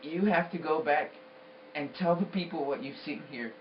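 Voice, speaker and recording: Old grandfather, loving but firm as a man quotes him, fairly high voice, dull sound. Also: normal speed, echoey room, a little hiss or hum, close to an everyday voice. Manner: firm and tender.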